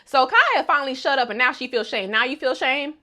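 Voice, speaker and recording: A woman talks through an anime episode in a loose, slangy vlog voice, throwing sassy jabs at the characters. Her voice sits a little high and swings all over with lively expression. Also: a little fast. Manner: animated, sassy, roasting the characters. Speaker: anime recap vlogger. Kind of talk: casual slangy episode recap.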